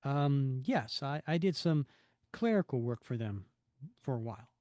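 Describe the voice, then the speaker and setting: A man's voice: medium pitch, animated, a little slow, a little mellow, no echo, clean studio sound, voice pushed down, close to an everyday voice. A man voicing a polite, earnest young man applying for a job in a comic book reading.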